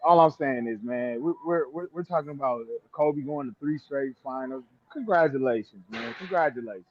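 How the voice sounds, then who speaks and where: A man's voice: medium pitch, moderate pace. A man co-hosting a podcast in casual chat, teasing the others and repeating short phrases. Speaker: podcast co-host. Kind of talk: casual sports debate. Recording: dull remote audio line.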